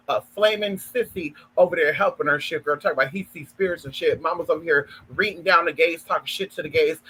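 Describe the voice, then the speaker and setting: A man's voice: high-pitched, bright, forceful tone, breathy edge, low-quality recording. A man in a sassy, flamboyant, profane casual gossip vlog, calling listeners honey and girl. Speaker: spiritual content creator.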